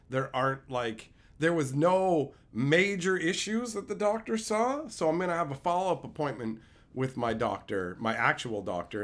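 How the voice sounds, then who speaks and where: Man, streamer, casual livestream chat, loopy after sedation, profane ranting, lively pitch. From Canada.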